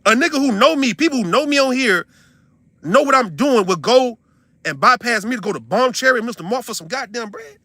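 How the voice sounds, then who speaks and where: A young man, ranting to his stream audience in a heated, profane, incredulous way, swinging from loud outbursts to low mutters. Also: lively intonation, brisk. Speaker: livestreamer venting to his audience. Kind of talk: heated casual rant.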